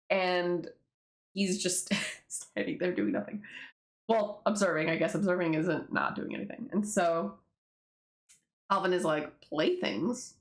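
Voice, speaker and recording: A fairly low-voiced woman rambles through her own comic, dropping swear words and quick laughs between panels. Her voice rings in a roomy, echoey space. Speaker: webtoon creator. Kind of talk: casual commentary reading a comic. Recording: roomy echo.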